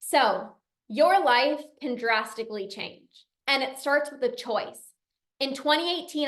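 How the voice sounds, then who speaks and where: A young woman with a high voice gives a heartfelt motivational talk as a coach and podcast host. She speaks earnestly, sometimes close to emotional, and leans on repetition to drive her points home. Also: a little slow, a bit bright. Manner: earnest, emotional, repeats phrases for emphasis. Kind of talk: motivational talk, reading out member comments.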